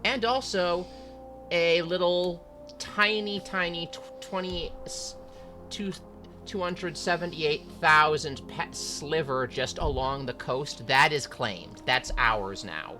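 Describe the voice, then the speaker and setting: A streamer chatting casually over a game with friends, slow and unhurried. The voice is bright and clear, full of halting fillers and restarts. Faint music plays underneath. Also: mid-range voice. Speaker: streamer playing a factory-building game with friends. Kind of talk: casual gaming chat.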